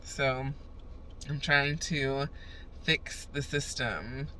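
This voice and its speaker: Sharp-voiced young woman ranting. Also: rumbling low, fairly even intonation, drawn-out words, a little hiss or hum. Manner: profane, fired-up storytelling rant. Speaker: vlogger. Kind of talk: ranting casual vlog.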